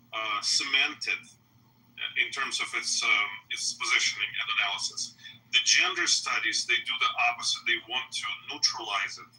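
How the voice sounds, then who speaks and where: A man's voice: medium pitch, sharp tone, recorded from a distance, rough recording. A man explaining theory in a casual chat, hesitant and full of fillers. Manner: hesitant and lecturing with many fillers.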